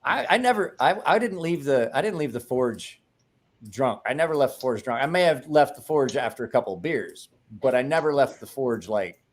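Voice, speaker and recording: A man hosting a casual after-show chat, telling rambling stories with bursts of laughter and loud acted-out quotes. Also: medium pitch, expressive, normal speed. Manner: rambling, laughing storyteller who acts out quotes loudly. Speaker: podcast host.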